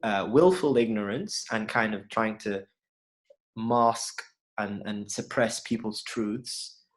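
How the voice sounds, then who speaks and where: A man's voice: on the low side, slow pace. Man telling a story animatedly. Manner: animated storytelling, voicing people in his anecdotes. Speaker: guest panelist. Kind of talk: storytelling on a video call panel. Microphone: video call.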